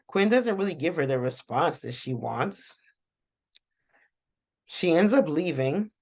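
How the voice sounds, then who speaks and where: Low, slow-talking woman recapping a show. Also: lively intonation, darkish tone. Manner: chatty, laughs often, talks to viewers. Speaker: show reaction host. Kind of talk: casual rambling episode recap.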